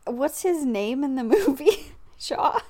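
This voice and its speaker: A woman's voice: high-pitched, animated, slow pace, background noise. A woman in a casual movie chat, swearing often, laughing and exclaiming in disbelief.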